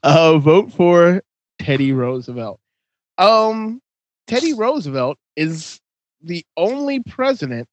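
A man's voice: fairly high pitch, big pitch swings, slow pace, no echo. A man hosting a comedy podcast, calling on each panelist in turn and announcing the matchups. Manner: moderating, calls on each panelist. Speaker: podcast host. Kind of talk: casual comedic banter.

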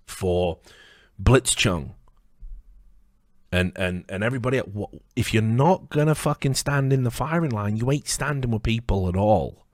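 A man's voice: lowish voice, animated, normal speed, dry recording, studio quality. A man hosting a commentary video, delivering an angry rant full of swearing and rhetorical questions.

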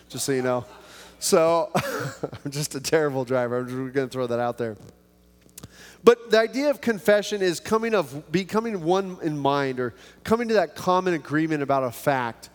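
A man's voice: on the high side, big-room sound. A man preaching a sermon in a casual, self-mocking way, acting out little prayers and conversations. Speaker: pastor.

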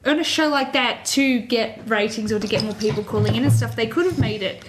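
Woman, co-host, higher voice, talkative, enthusiastic, light hiss. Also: a little fast. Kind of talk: casual podcast chat.

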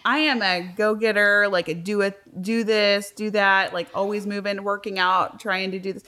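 A woman's voice: medium pitch, normal speed. A woman in her thirties telling a friend a story in casual chat, laughing often and acting out what people said. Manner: animated, laughs often, acts out quotes. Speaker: storyteller recounting a date.

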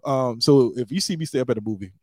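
A man's voice: medium pitch, quick pace, dry recording. Rambling laid-back male podcast host. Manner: rambling, laughing, many fillers and restarts. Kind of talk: casual podcast chat. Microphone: wired desk microphone.

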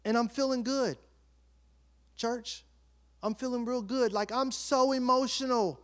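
A male pastor preaching a sermon, reading scripture and telling a personal story with animated, shifting delivery. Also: very high voice, unhurried. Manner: animated storytelling, shifting between soft and loud.

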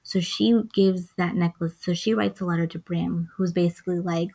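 A woman's voice: on the low side, moderate pace, vocal fry, hardly any pauses. A woman in casual chat, retelling a movie plot with lots of acted-out lines. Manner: animated storytelling, acts out lines and hums songs. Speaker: co-host recapping a film.

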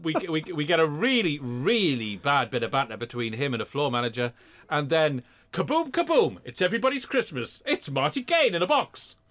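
A man's voice: a little high, sing-song, fairly quick, fairly bright tone. A man co-hosting a casual comedy chat, telling the story with mock outrage and lots of swearing. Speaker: podcast co-host. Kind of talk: casual comedic chat reviewing an old TV show.

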